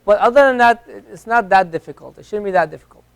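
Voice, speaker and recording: A man teaching Arabic at an Islamic center classroom talks fast in a high, expressive voice. Patiently, he repeats each letter sound to demonstrate the pronunciation.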